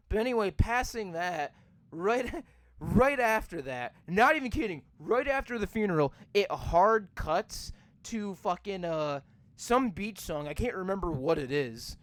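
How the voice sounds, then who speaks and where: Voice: mid-range voice, expressive, a little slow, a bit bright, no room sound. A podcast host giving a rambling, profane rant while reviewing a movie. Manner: ranting, profane, rambling with many fillers.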